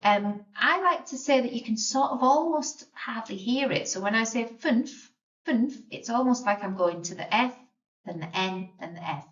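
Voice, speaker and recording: A woman's voice: on the high side, moderate pace, a bit bright. A woman teaching a beginner language lesson, patiently sounding out and spelling words. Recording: roomy, distant, dull lo-fi sound.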